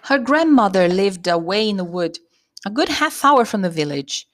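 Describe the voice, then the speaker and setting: Woman reading a fairy tale aloud, animated delivery. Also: medium pitch, moderate pace. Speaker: storyteller.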